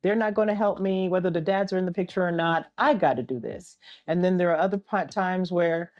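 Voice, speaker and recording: A woman's voice: on the low side, flat delivery, fast, lo-fi sound. A middle-aged woman answering interview questions earnestly as an entrepreneur and single mother, often repeating a refrain and using analogies.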